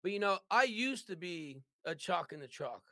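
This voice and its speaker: A man telling his comeback story as a podcast guest, voice high and bright for a man. He talks in lively bursts, tagging nearly every line with a quick "right?" The sound is close and dry, with no room around it. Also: no room sound. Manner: animated, tags lines with "right?". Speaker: business owner guest. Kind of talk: storytelling in an interview.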